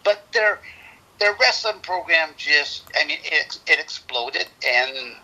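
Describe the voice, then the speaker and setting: A man's voice: on the high side, expressive, slow pace, pushed and bright, low-quality recording. A man in his sixties from the United States, a retired wrestler telling long rambling stories in a casual interview, often repeating words and restarting sentences. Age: 60s.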